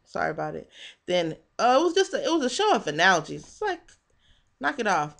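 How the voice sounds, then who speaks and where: A woman recapping a reality show in casual, animated commentary, sassy and quick to laugh. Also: medium pitch, vocal fry.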